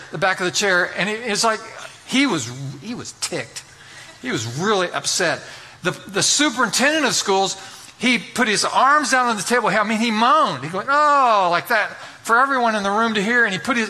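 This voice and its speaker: A man's voice: sits high, sharp tone. A middle-aged man preaching a sermon as pastor, telling a story with self-deprecating humor and building to emphatic appeals.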